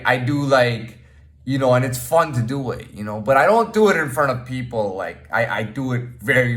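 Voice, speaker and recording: A man talking to camera in a casual monologue, rambling, restarting his sentences and often trailing off into a low mutter. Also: fairly bright tone. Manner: rambling, with many restarts and "you know what I mean". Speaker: vlogger.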